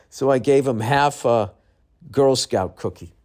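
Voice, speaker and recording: A middle-aged man hosting a podcast, telling rambling comic stories in a tired, profane, casual way, now and then imitating voices. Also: mid-range voice. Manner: profane, rambling, animated storytelling with mimicked voices. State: tired, yawning. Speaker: podcast host. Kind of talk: casual comedic monologue.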